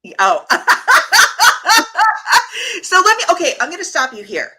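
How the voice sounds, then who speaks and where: A woman's voice: high-pitched, sing-song, quick pace, pushed and bright, low-quality recording. A woman hosting a casual podcast conversation, reflective, reading out listener comments and asking questions. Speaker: podcast host.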